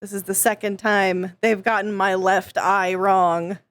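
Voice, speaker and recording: A woman's voice: medium pitch, level tone, measured pace, a bit bright, dry recording. A woman streamer venting to her chat in casual talk, frustrated, swearing often and stumbling over restarts.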